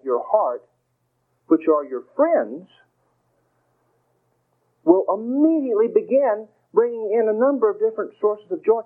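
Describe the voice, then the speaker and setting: A man giving a gentle, folksy motivational talk, reassuring and playful as he speaks to the listener. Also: high-pitched. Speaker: inspirational speaker. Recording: tinny phone-like radio broadcast.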